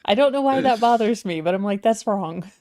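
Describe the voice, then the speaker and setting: A woman's voice: fairly high pitch, quick pace, mellow. A woman co-hosting a live stream, giving opinionated, rambling remarks in casual chat. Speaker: stream co-host.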